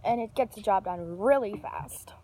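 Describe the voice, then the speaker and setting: A woman's voice: mid-range voice, normal speed, slight background noise. A young woman telling a casual storytime vlog, rambling with fillers and restarts, swearing freely. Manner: animated, yells when reenacting an argument.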